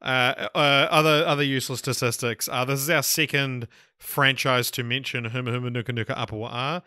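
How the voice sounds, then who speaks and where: A man's voice: mid-range voice, fairly even intonation, fairly quick, sharp tone, no echo, clean studio sound. A man co-hosting a film podcast in casual chat, laid-back and chuckling between bits of trivia. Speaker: podcast co-host.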